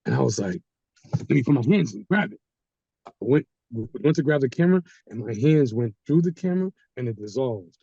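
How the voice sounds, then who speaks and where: A man's voice: medium pitch, a little fast, creaky, slightly rough, no room sound, dull audio. A man telling a personal story in casual talk, acting out the people he quotes. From Haitian community. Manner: animated, acts out quoted people. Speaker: guest storyteller. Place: studio.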